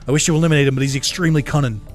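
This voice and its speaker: A haughty male demon lord from a video game speaks with a put-on Boston accent, as a streamer reads his lines. He talks in stiff, formal, contemptuous sentences, pushing a little higher and louder than everyday talk, with faint game music behind. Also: steady tone, very fast, close to an everyday voice.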